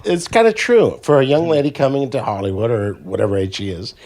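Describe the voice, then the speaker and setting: A man's voice: mid-range voice, quick pace, darkish tone. A married man co-hosting a podcast, asking joking questions and making wry asides in crude casual chat.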